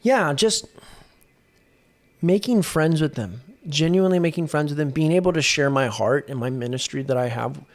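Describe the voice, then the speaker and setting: A man's voice: a little high, normal speed. A young adult man, a guest on a podcast, speaking earnestly in casual conversation and often restarting his sentences. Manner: earnest storytelling with frequent restarts. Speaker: guest, exorcist.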